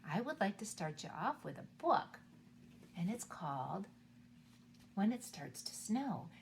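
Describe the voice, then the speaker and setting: A woman hosting a preschool show, reading a picture book aloud in a gentle, sing-song voice and asking the children questions. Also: medium pitch, very animated, a little slow, creaky, a little hiss or hum.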